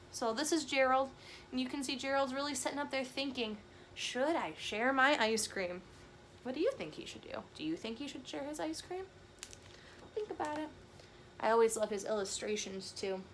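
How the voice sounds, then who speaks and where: A young woman teaching a children's camp video lesson, speaking gently and clearly and encouraging the kids. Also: fairly high pitch, slight background noise.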